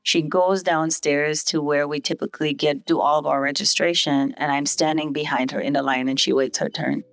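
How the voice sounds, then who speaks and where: A woman's voice: low-pitched, moderate pace, gravelly, no echo, faint music behind. A middle-aged woman from St. Vincent, a hospital CEO and podcast guest, telling her life story casually. She brings the story to life by acting out other people's lines. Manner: lively storyteller who acts out other people's quoted lines in a raised voice.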